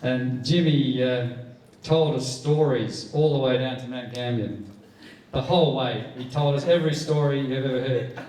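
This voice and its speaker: An Australian man in his sixties tells stand-up poker stories in a loose, rambling way. His voice sits at an ordinary pitch. The room is very echoey and he sounds well away from the mic. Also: moderate pace, a little mellow. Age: 60s. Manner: rambling anecdotal storytelling, jumps up high to act out quoted people. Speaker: stand-up comedian. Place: club function room. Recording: echoey room heard from a distance.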